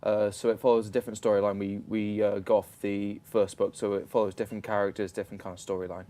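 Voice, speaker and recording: A young man with a Northern English accent talks through a casual studio interview. His voice sits fairly low, and he pauses and hesitates often as he speaks. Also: little pitch movement, mellow. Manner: hesitant, many uhs. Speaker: guest actor. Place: student TV studio.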